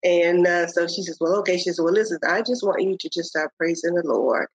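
An older woman, a podcast guest, telling the story of her faith in a halting way, with many pauses and restarts. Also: on the low side, breathy edge, no echo. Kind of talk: telling a personal faith testimony. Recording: dull, lo-fi audio.

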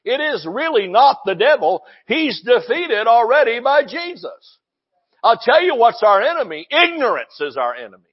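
A man preaching a sermon as pastor, fiery and loud, breaking into shouts and joking with the congregation. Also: extremely high pitch, very animated, normal speed, husky, dull audio.

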